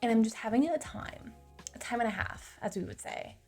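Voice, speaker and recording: A woman's voice: fairly high pitch, expressive, a little fast, a little mellow, husky, faint music behind. A young woman recapping a movie in a casual, chatty way, with sarcastic asides, recorded on a close mic. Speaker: movie reviewer.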